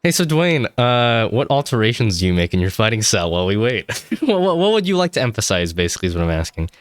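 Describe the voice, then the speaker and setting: A man's voice: fairly low pitch, very animated, fast, dry recording. A man running a casual tabletop game as game master, rambling and swearing loosely.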